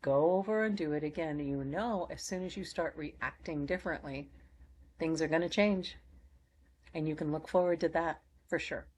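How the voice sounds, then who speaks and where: A middle-aged woman closing an oracle card reading from home, speaking in gentle, affirming, repetitive blessings. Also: deep voice, normal speed, a little hiss or hum. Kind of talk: spiritual channel closing talk.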